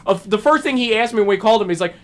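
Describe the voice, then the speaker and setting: A man's voice: high-pitched, very fast. A man co-hosting a podcast in casual chat, telling rambling anecdotes and acting out the people in them. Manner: rambling anecdotes with lively quoted voices. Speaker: podcast co-host.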